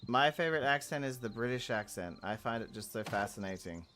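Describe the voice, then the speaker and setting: A young man with an Australian accent rambles through a casual game stream, answering his chat with easy giggles. His voice sits at an ordinary middle pitch. Soft game music plays faintly under his talk. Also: animated, a little fast. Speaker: gaming streamer.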